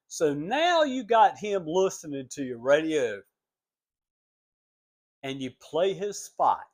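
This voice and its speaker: Slow-talking man with a wildly swinging voice. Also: big pitch swings, darkish tone. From United States. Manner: rambling, acts out quoted voices with big pitch jumps. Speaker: vlogger telling family stories. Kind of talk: casual storytelling monologue.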